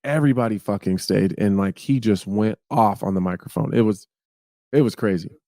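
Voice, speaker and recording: A man chatting casually as a podcast co-host, excitable and swearing often. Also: lowish voice, a little fast, no room sound, studio quality. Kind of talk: casual chat.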